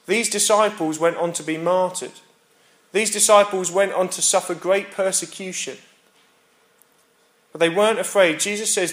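An earnest male pastor delivers a sermon in a fairly high voice. He repeats his points and lets important lines sink to near quiet. The sound carries the echo of a church hall. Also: moderate pace. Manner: earnest, repetitive preaching with quiet emphatic drops.

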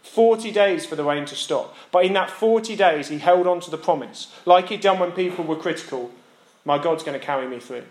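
A man's voice: high voice, brisk, hardly any pauses. A young man, a lay preacher who teaches physics, giving an earnest sermon that repeats its key lines for emphasis. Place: church hall. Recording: echoey church room.

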